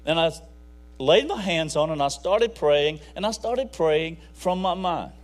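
A high-voiced man delivers a folksy sermon in a conversational tone, with sudden bursts of emphasis. He sounds like a preacher talking to his congregation. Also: lively intonation, a little slow.

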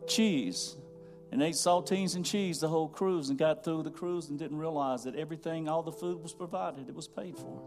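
A man's voice: fairly high pitch, moderate pace, music in the background. A male pastor preaching a sermon in a conversational storytelling way that rises to fervent emphasis.

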